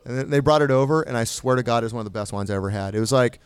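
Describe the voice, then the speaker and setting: A young man co-hosts a casual podcast in a smooth, resonant voice that sounds dry and close to the mic. He rambles playfully through his stories and fills them with likes and ums. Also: mid-range voice, very fast, dry recording. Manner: playful, rambling storyteller with lots of fillers. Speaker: podcast co-host. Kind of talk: casual chat.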